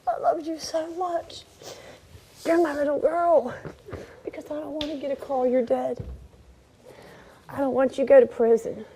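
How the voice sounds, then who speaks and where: A middle-aged woman, a mother on a talk show, pleading emotionally and often speaking softly. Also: a little high, a little hiss or hum.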